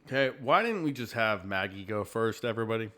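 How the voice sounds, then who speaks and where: Brief: a male tabletop player with a lowish voice, wisecracking and chatty. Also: lively intonation, a little fast, fairly bright tone. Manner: joking, chatty, laughing often. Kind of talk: casual tabletop game banter.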